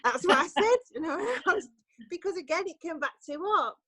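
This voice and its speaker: Chatting casually on a podcast, a woman journalist relays an anecdote with lively storytelling, performing the quoted lines. She speaks fairly quickly in a very high-pitched voice, on dry, poor-quality audio.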